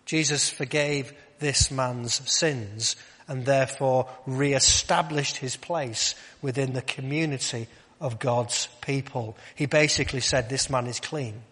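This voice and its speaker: Man preaching to a congregation, chatty and questioning, mid-pitched, long reverb from a large hall. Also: takes it slowly, slightly rough. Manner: conversational, rhetorical questions, drops to quiet emphasis. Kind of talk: sermon.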